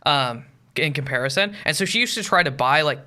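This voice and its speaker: A man hosting an interview, speaking in relaxed, agreeable casual chat with a few small stammers. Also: a little high, a little fast. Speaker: interview host.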